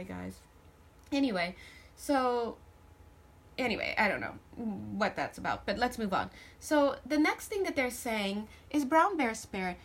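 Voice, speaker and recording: A woman's voice: on the high side, fairly bright tone. A woman giving a casual spiritual tarot reading to camera, chatty and joking with viewers, often restarting her sentences. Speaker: tarot reader.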